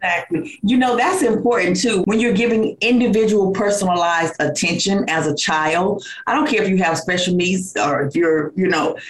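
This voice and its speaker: A woman's voice: normal speed, few pauses. Enthusiastic woman host in echoey room. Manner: enthusiastic, affirming, high energy. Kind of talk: casual interview chat.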